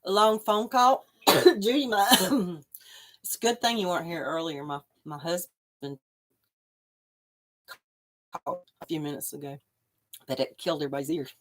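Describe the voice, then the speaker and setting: A woman hosts a relaxed livestream and chats with viewers as she goes. She rambles easily from one thought to the next and stops to answer comments as they come in. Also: on the low side, moderate pace, pauses often. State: coughing after choking on water. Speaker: livestream host. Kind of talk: casual chat with live viewers.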